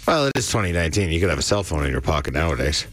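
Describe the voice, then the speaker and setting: A man's voice: sits low, very animated, rapid-fire, fairly bright tone, soft background music. A man co-hosting a morning radio show, chiming in with dry wisecracking asides. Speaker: radio co-host. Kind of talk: casual radio banter.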